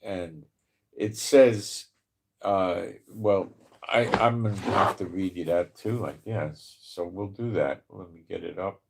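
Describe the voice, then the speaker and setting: A man with a New York accent giving casual Bible prophecy commentary, rambling a little, chuckling often and reading verses slowly and deliberately. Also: low voice, gravelly, slightly rough. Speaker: Bible prophecy channel host. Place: home in Israel.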